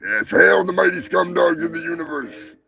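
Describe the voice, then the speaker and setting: A man hosting a live stream, signing off with rowdy, profane shout-outs to his viewers. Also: expressive, moderate pace, vocal fry. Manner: drops to low mutters between sign-offs. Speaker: livestream show host. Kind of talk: casual live-stream sign-off chat. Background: music playing.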